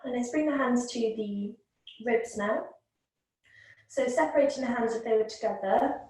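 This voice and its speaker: A woman teaching a yoga class, guiding the breath in a calm, gentle, unhurried way. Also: a little high. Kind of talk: guided yoga and breathing instruction. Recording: very echoey room, voice from a distance.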